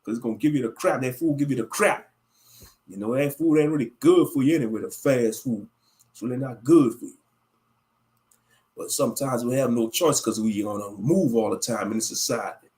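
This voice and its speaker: A man's voice: medium pitch, normal speed, darkish tone. A man hosting a casual livestream, ranting animatedly with plenty of cursing. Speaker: livestream host.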